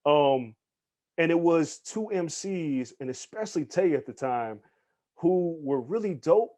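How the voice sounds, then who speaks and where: A man guesting on a podcast interview, telling stories in an animated, casual way, acting out the people he quotes and swearing freely. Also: on the high side, a little slow. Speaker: guest, hip hop journalist.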